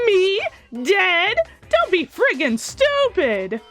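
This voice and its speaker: A woman's voice: extremely high pitch, wildly swooping pitch, extremely slow, a bit bright, soft background music, heavily acted. A woman voicing a gleeful, crude male robot bear mastermind who cackles and taunts in a video game. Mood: taunting glee.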